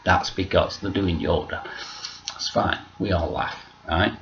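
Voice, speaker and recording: A man's voice: sits low, measured pace, fairly bright tone. A man talking to camera in a casual, rambling vlog monologue, off the cuff and sweary. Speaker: vlogger. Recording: muffled lo-fi recording.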